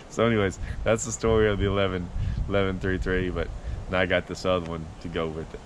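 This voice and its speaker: A man's voice: low-pitched, level tone, fast talker, slight background noise. A man, a fishing vlogger telling a long, rambling story in casual talk to the camera.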